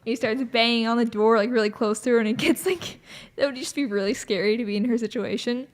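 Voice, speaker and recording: A young woman with a fairly high voice tells a film's plot in casual podcast chat. She slips into the characters' lines with lively jumps in pitch. A long reverb trails behind her voice. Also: fast. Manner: animated storyteller, acts out quoted lines with shifts of pitch. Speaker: podcast co-host. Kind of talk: casual chat retelling a film.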